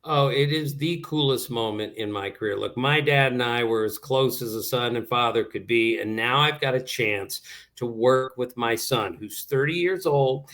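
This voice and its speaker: A man in his sixties, from the Maryland area, appears as a guest baseball analyst and tells lively anecdotes in a casual interview. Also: medium pitch. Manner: animated anecdotes, quoting people.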